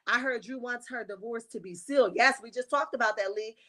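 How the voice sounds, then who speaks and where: A woman's voice: a little high, brisk, a bit bright. Sassy woman gossiping on a livestream. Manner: sassy, emphatic, chatty, reads viewer comments aloud. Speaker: livestream host. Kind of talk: casual reality-TV gossip livestream.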